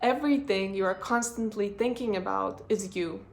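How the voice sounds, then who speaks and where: A woman's voice: mid-range voice, normal speed. A woman vlogger giving a frank, blunt personal monologue about human nature.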